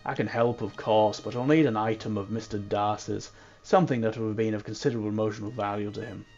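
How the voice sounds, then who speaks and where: A man reading a calm voodoo practitioner with a put-on Irish accent, in a quiet, low, measured voice. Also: lo-fi sound, soft background music, lightly acted. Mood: reassuring. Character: calm middle-aged male voodoo practitioner. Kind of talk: reading game dialogue aloud.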